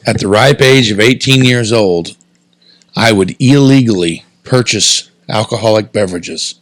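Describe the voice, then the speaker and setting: A young man from Southern Indiana, co-hosting a podcast, telling a story in casual chat, animated and swearing freely. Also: on the low side, measured pace, dry recording. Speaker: podcast co-host.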